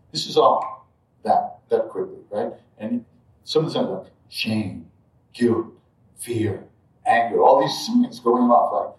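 A man telling a personal spiritual story in a reflective way, dropping to near-murmurs and then suddenly bursting loud as he acts out moments. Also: medium pitch. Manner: reflective, drifts quiet then jumps loud when acting out moments. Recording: roomy sound from a distant mic.

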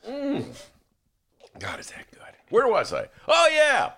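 A man's voice: extremely high pitch, slow, creaky, slight background noise. A man hosting a radio talk show, bantering and joking, slipping into impressions. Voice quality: animated, jokey, slips into impressions. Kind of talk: casual on-air banter.

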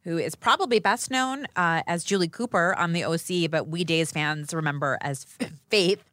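A woman with a low voice co-hosting a talk show. She chats with a fan's enthusiasm. The recording is close and dry. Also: normal speed, fairly bright tone, no echo. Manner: chatty, fan-like enthusiasm. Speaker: show co-host.

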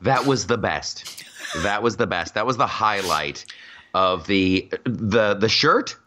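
A man's voice: lowish voice, animated, slow pace, pushed and bright, a little hiss or hum. A man co-hosting a casual podcast chat, joking around and often repeating himself. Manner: jokey, restless, repeats himself. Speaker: podcast co-host.

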